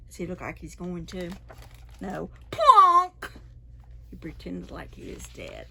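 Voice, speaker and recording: A woman librarian reading a picture book aloud to preschoolers in a library, expressive and full of sound effects and asides. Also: on the low side, slow, vocal fry, a little hiss or hum. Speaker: children's librarian. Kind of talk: preschool storytime read-aloud.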